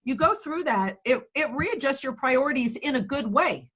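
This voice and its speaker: A woman in her forties, a real estate agent and coach, telling stories in a lively, profane, laughing way from her office in a casual interview. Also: high voice, normal speed. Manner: animated, profane, laughing storyteller.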